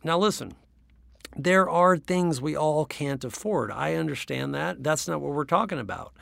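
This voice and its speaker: A man's voice: on the high side, gravelly, fairly bright tone, no room sound. A man hosting a motivational business podcast, telling stories and talking emphatically and directly to his listeners. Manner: emphatic, storytelling, direct address. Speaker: podcast host, business coach.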